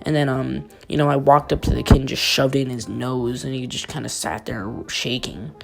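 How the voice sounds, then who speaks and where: A man's voice: medium pitch, fairly even intonation, a little fast, gravelly, soft background music. A young man vlogger telling a crude, exaggerated comic rant. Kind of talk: comedic rant vlog.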